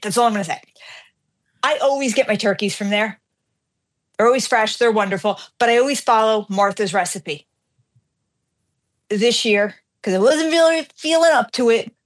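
A middle-aged woman with a slightly high voice hosts a radio show, telling a story in a casual, animated manner. She pokes fun at herself and acts out the dialogue.

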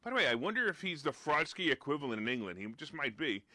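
A man from the United States hosting a live-streamed finance talk show, giving emphatic, sarcastic commentary that gets loud on his punchlines. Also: fairly high pitch, very animated, fast talker, dry recording.

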